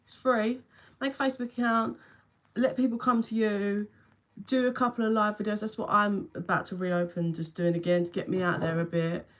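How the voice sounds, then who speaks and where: A woman's voice: medium pitch, fairly even intonation, moderate pace. A young woman with a London accent giving a tarot reading on a live stream from her phone. She chats casually, swears now and then and speaks to viewers by name. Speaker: tarot reader.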